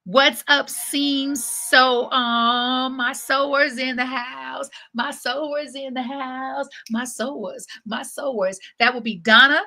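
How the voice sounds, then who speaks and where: A woman hosts her own livestream, telling personal stories in a chatty, lively way and acting out the voices of the people in them. Her voice sits a little high and comes across bright and forceful. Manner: chatty, lively storyteller who acts out quotes. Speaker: host. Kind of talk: casual storytelling livestream.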